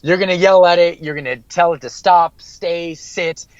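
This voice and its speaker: A man's voice: high voice, brisk, no room sound, lo-fi sound. A man working as a mental skills coach, giving an earnest podcast interview and repeating key phrases for emphasis.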